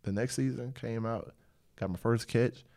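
A man's voice: medium pitch, steady tone, normal speed, darkish tone. A man hosting a podcast in casual chat, a rambling storyteller who laughs often. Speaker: podcast host.

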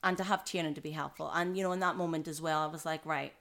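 A woman's voice: sits low, steady tone, fast talker, a bit bright. Earnest woman recounting a hard story. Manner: earnest, acts out the voices of others in quotes. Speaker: podcast guest, mother of triplets. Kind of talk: emotional personal storytelling in casual conversation.

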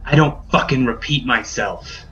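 A man's voice: mid-range voice, moderate pace, lo-fi sound, music in the background. A man playing in a tabletop game, blunt and casual. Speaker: player.

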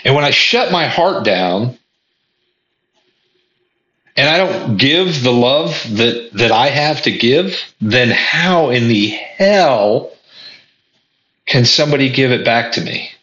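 An animated man with a mid-range voice and a sharp tone talks slowly, with long pauses, straight to the viewer. As a vlogger musing on lessons learned, he's earnest but often stumbles and repeats words while thinking. The audio is dull, lo-fi and echoey.

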